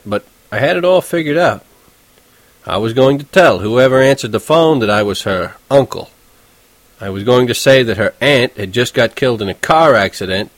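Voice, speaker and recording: A man's voice: on the low side, dry recording. A man reading a first-person novel aloud in a wry, conversational storytelling manner. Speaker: audiobook narrator.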